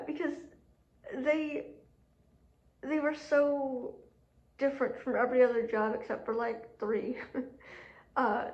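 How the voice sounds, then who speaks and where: A woman talking casually to camera about her own experiences, chatty and animated, with lots of fillers and quoted self-talk, and a sore throat. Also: on the high side. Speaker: job seeker telling her story. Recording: echoey room, dull lo-fi audio.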